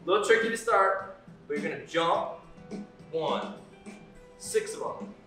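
A man's voice: a little high, lively intonation, a little slow, bright, forceful tone. A man coaching a workout on a live stream, explaining exercises and counting reps with upbeat encouragement. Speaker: fitness coach. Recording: echoey room, far from the mic, faint music.

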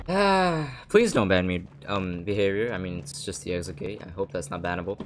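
Young male streamer, wired and excitable, swears a lot, very lively pitch. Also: moderate pace, faint music behind. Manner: hyper, excitable, swears often. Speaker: gaming streamer. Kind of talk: hyped gameplay commentary.

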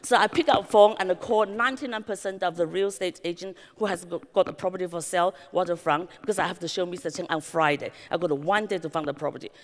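A woman's voice: lowish voice, fast talker, hardly any pauses. Chinese-accented woman speaking in a large hall. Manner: lively anecdotes, many "you know" fillers, acted quotes. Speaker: real estate agency founder giving a conference speech. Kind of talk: conference keynote storytelling. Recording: long reverb of a large hall.

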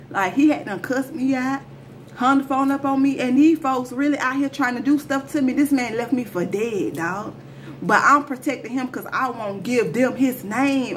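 A woman's voice: mid-range voice, moderate pace, slight background noise. A woman telling a personal story to her viewers in a casual storytime vlog, talking in slang and speaking straight to them. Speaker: storyteller vlogger.

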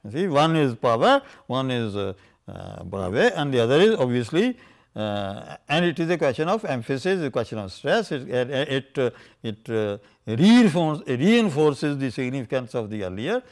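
An older man giving an unscripted scholarly lecture on pronunciation, halting with many fillers and "you see", slowing down to chant quoted verses. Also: mid-range voice, big pitch swings. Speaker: scholar lecturing on scripture language.

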